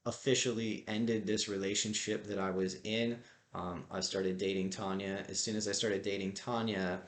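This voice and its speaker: A man's voice: low-pitched, roomy sound. A middle-aged man telling a personal story in a casual, rambling way, with many fillers and restarts. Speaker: qigong teacher and vlogger.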